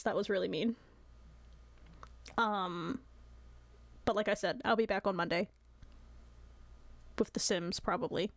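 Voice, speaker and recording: A woman's voice: medium pitch, steady tone, a little slow, creaky, pauses often. A woman streamer chatting casually with her viewers, giggly and apologetic.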